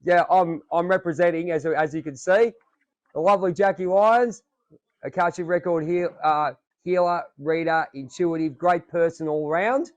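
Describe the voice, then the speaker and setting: Chatty Australian man, high voice. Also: normal speed, no echo, muffled recording. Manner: chatty, jokey, rambling with fillers. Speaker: podcast host. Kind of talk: casual chat.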